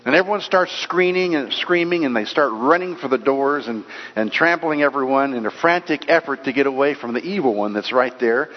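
A male pastor preaches in a relaxed, storytelling style at an ordinary pitch. The recording is muffled and dull, and his voice trails in a long church reverb. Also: brisk. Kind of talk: sermon.

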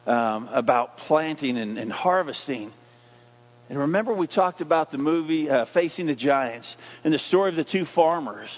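A pastor in his forties, giving a conversational, animated sermon that keeps asking the congregation questions. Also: a little high. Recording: dull lo-fi recording.

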